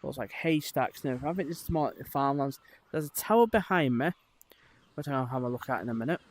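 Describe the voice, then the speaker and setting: A man's voice: medium pitch, lively intonation, fast talker. A man chatting casually to his viewers while exploring in a VR headset, rambling with lots of fillers. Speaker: streamer. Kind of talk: casual live-stream chat.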